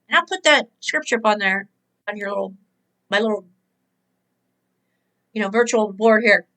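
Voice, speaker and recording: A woman's voice: medium pitch, very animated, measured pace, pauses often, bright, forceful tone, poor audio. A woman hosting a spiritual motivational talk, emphatic and exhorting, repeating her key words. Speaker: host and motivational speaker.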